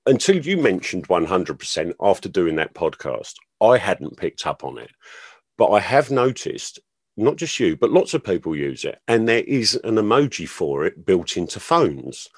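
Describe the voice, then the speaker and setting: A man hosting a podcast, measured and wry, laughing easily. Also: deep voice, very animated, no echo, clean studio sound. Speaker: podcast host. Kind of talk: casual podcast chat.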